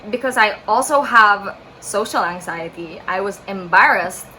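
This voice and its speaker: A woman's voice: medium pitch, measured pace, sharp tone, slight background noise, low-quality recording. A young woman from the Philippines with a Filipino accent, telling a storytime vlog in a chatty way, full of likes, acting out what others said. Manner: chatty, many likes, acts out quotes. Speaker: vlogger.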